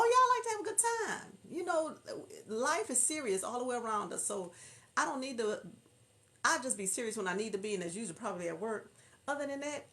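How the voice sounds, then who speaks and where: Woman, Southern drawl, livestream host, chatty and laughing, reads comments out, mid-pitched voice. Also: fairly bright tone. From Houston, Texas. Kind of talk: casual livestream chat.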